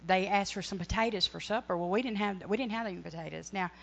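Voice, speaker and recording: A woman's voice: mid-range voice, fast, gravelly, a bit bright. Woman, middle-aged, earnest testimony, rambling storytelling. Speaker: ministry speaker. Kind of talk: testimony sharing.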